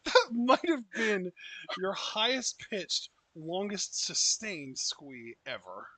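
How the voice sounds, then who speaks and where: A man's voice: high voice, very animated, slow, bright, forceful tone, no room sound. A man co-hosting a live wrestling reaction, playful and laughing as he calls the action.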